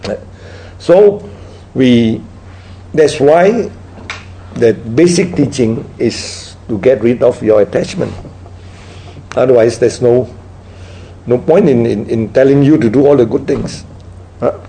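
A man leads a Buddhist dharma talk in an unhurried, storytelling way. He keeps checking in with his listeners. His voice is gravelly and mellow, with a faint hiss behind it. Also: mid-range voice, rough recording. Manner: tag questions like "right?" after nearly every point. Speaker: Buddhist teacher. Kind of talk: dharma talk with audience questions.

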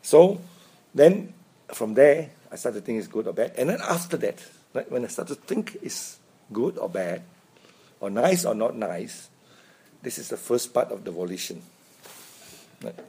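A man teaches Buddhism in a loose, conversational way. His husky voice swoops up and down as he talks, and he often breaks into chuckles and tags his points with "right?". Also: medium pitch, big pitch swings, a little slow, pauses often, warm tone. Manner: chatty, chuckles often, frequent tag "right?". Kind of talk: informal dharma talk.

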